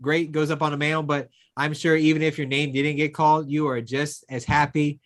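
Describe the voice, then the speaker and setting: A man's voice: on the high side, flat delivery, brisk. A man hosting an interview, affirming and conversational, with lots of filler words. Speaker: interview host.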